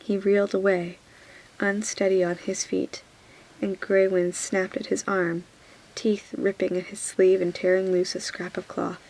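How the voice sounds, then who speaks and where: A woman reading a fantasy novel aloud in a soft whispered role-play, hushed and gentle. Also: medium pitch, little pitch movement, unhurried, poor audio. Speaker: audiobook reader.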